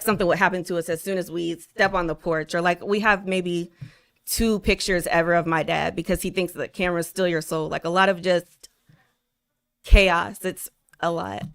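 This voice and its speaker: Guest woman, low-ish smooth voice, candid storyteller, dry close sound. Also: a bit bright, dry recording. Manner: open storytelling, many "like" fillers. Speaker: podcast guest, spiritual consultant. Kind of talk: candid casual interview talk.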